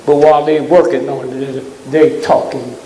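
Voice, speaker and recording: A man giving a fiery, preaching-style talk to a live audience, blunt and scolding, often pausing to ask the crowd "huh?". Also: mid-range voice, little pitch movement, warm tone, a little hiss or hum. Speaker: speaker addressing a live audience. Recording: echoey hall with long reverb.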